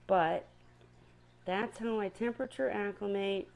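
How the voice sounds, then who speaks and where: A woman's voice: mid-range voice, measured pace, gravelly, a little mellow. A woman chatting casually to viewers on a live stream about her seahorses, often stopping to apologize.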